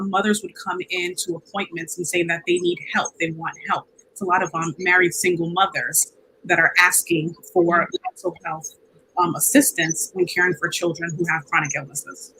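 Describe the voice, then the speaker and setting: Woman therapist, soft measured explanation, husky bright tone. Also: on the low side, rough recording. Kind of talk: explaining on a panel.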